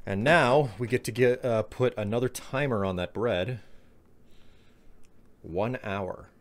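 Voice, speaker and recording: A man's voice: medium pitch, slow. A man streaming live, chatting casually, rambling and joking as he reads his chat.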